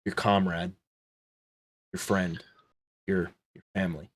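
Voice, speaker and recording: A man narrating a tabletop game as game master, slow and dramatic, dropping to hushed tones. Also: low-pitched, flat delivery, slightly rough.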